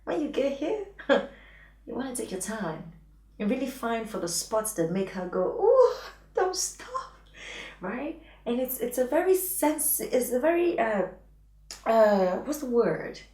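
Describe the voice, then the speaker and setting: A woman's voice: a little high, animated, measured pace, darkish tone. A woman giving frank, playful intimacy advice as a coach, often dropping into a whisper. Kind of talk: advice vlog talking to camera. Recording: echoey room, voice distant from mic.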